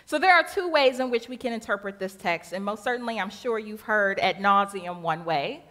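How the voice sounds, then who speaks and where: Animated woman preacher with lively pitch. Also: normal speed. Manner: animated preaching, colloquial retelling, rhythmic repetition. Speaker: minister. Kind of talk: sermon. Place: church sanctuary. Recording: long church reverb.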